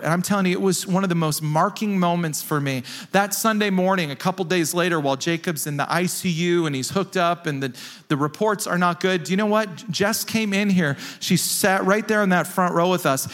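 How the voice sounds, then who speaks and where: Animated high-voiced male pastor preaching. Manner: animated, emphatic preaching with repeated phrases. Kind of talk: sermon.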